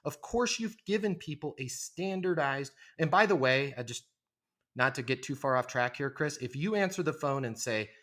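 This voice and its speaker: A man's voice: medium pitch, lively intonation, moderate pace, fairly bright tone. A middle-aged man, a guest on a podcast interview, talking emphatically and acting out phone greetings in quoted voices. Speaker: leasing trainer, podcast guest. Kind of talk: energetic podcast interview talk.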